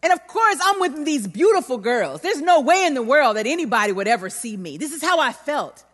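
A woman preaching a sermon in a large hall, telling a personal story with animated emphasis. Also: sits high, brisk. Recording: long hall reverb.

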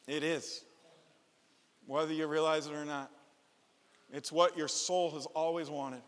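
A man's voice: on the high side, measured pace, pauses often. A middle-aged man preaching a sermon as pastor, telling stories with playful asides. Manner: animated storytelling with playful asides. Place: church sanctuary. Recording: long church reverb.

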